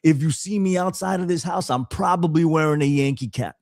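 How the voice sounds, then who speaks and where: Animated New York man, slightly high voice. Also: fairly quick, no room sound, studio quality. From New York, the Bronx. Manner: animated, swears casually, repeats words. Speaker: podcast guest. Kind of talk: casual chat.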